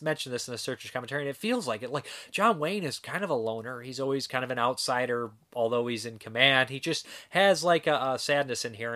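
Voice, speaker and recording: A man's voice: medium pitch, fairly bright tone. A man giving a loose, rambling, casual spoken review of a film, as the host of his own review show.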